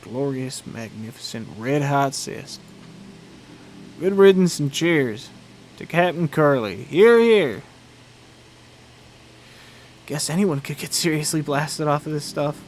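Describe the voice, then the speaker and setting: A man voicing a grumpy, hard-drinking old male crewmate in a put-on Southern accent, gruff and sardonic, with faint room noise. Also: a little high, lively intonation, takes it slowly, long pauses, darkish tone, poor audio. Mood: boozy gleeful.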